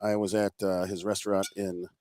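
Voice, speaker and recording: Restaurant chef, man, lowish voice, dry close sound; friendly, halting explanations of the food. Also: little pitch movement, darkish tone, no echo. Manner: hesitant, filler-heavy, friendly. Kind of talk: explaining dishes.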